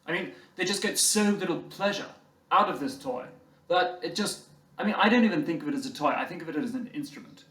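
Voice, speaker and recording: A man's voice: on the high side, expressive, fairly quick, fairly bright tone, pitched above the performer's own voice. A man doing a posh smug rich boy. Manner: posh, self-satisfied drawl. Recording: roomy hall, distant mic.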